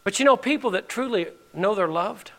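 High, bright-voiced preaching pastor. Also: male voice, animated, brisk, creaky. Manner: preaching with rising emphasis and direct questions to the congregation. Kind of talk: sermon.

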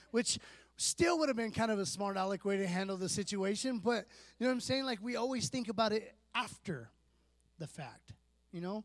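A man, likely in his thirties, sharing a personal church testimony in a relaxed, self-deprecating way, with lots of fillers and restarts. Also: high voice, moderate pace, no echo.

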